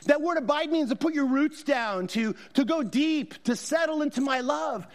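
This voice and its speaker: A man's voice: very high voice, moderate pace. A middle-aged man, a guest pastor, preaching a sermon in a conversational, storytelling way with emphatic repetition. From Southern California.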